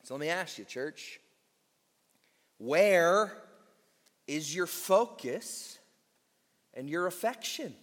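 Male pastor, sermon delivery, unhurried and emphatic, lively pitch. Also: long reverb tail. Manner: emphatic preaching, slows on key words, quick asides.

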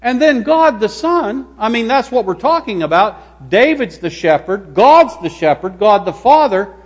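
High-voiced pastor preaching in a reverberant hall. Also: male voice, big pitch swings. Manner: slow, emphatic preaching, stressing single words. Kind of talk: sermon. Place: church sanctuary.

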